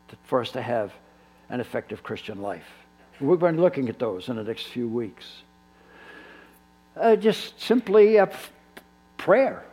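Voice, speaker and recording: Animated preaching man, lively pitch. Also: breathy edge. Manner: animated preacher acting out dialogues. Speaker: pastor. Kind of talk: sermon.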